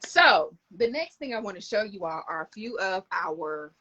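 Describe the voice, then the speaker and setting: A woman's voice: medium pitch, sing-song, normal speed, bright, forceful tone, breathy edge, muffled recording. A middle-aged woman, chatting enthusiastically to viewers in a casual live stream, recorded on a phone camera.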